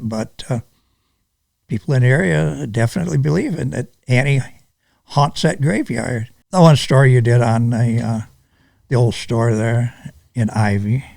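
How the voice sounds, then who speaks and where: An older man from Michigan, a retired police sergeant, telling stories in an interview in a halting, unhurried way with many restarts. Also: mid-range voice, gravelly, darkish tone, no room sound. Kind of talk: casual storytelling interview.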